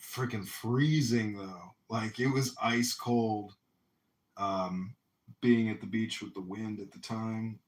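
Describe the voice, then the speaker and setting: A man's voice: lowish voice, slow pace. A young man in casual chat, a candidate animatedly telling stories and acting out other people's lines. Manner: animated storytelling, acts out quoted voices loudly. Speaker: mayoral candidate.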